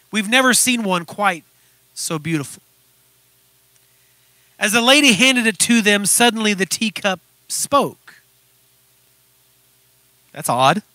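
A man's voice: high voice, bright, forceful tone, no room sound. A male preacher closing his sermon with earnest, emphatic storytelling.

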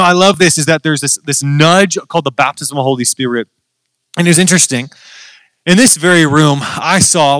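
Casual, animated man preaching a sermon. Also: fairly high pitch, no echo, rough recording. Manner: casual, conversational, animated storytelling. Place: church.

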